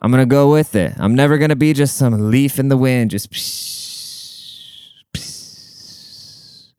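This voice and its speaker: A man's voice: medium pitch, a little fast, mellow, smooth, dry recording. A man in his late twenties rambling in a casual, profane, slangy monologue.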